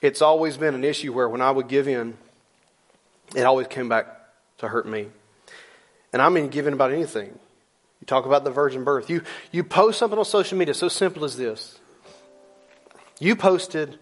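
A middle-aged male pastor preaching a sermon in a church, emphatic and conversational, repeating lines and slowing down low on key words. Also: soft background music. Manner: rises loud for emphasis, drops low and slow on key words.

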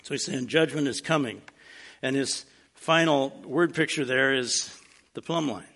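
A man's voice: mid-range voice, measured pace, a bit bright. A man preaching a casual, plainspoken sermon, dropping in wry humorous asides as he teaches. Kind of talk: conversational sermon.

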